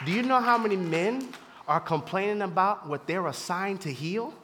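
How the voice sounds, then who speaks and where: A pastor preaches to a live church congregation, his high-pitched voice moving at normal speed from hushed asides to shouted peaks as he laughs along with the crowd. The background is noisy.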